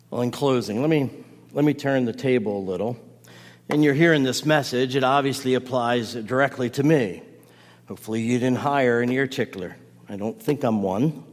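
A male pastor delivering a sermon to his congregation, building to emphatic repeated exhortations and dropping soft and low for prayer. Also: big-room sound. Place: church sanctuary.

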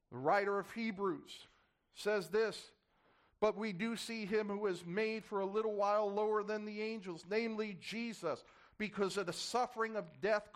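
A man's voice: high voice, fairly bright tone. A man preaching a sermon to his church, impassioned, his voice swelling and dropping as he drives his points home. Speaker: pastor.

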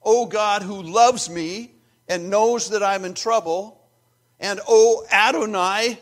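A man giving voice to an anguished ancient psalmist, pleading with God in an intense, emphatic way, in a raised, slightly high voice. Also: unhurried, fairly bright tone.

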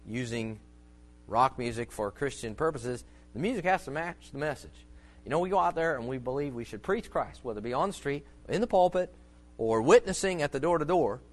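A man's voice: fairly high pitch, a bit bright. A man giving an informal sermon-style talk on church music, rambling and folksy with many fillers and restarts, leaning on homely illustrations. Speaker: preacher teaching on church music.

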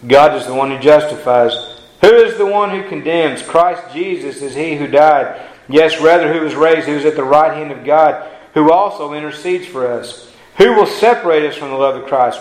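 A man preaching a sermon as pastor, reading scripture slowly and building to emphatic appeals. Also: on the high side, echoey room, rough recording.

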